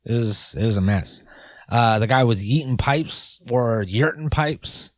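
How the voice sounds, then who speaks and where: A man's voice: mid-range voice, unhurried. A man co-hosting a podcast in casual chat, rambling and joking with lots of fillers. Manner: rambling, jokey, full of fillers. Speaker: podcast co-host.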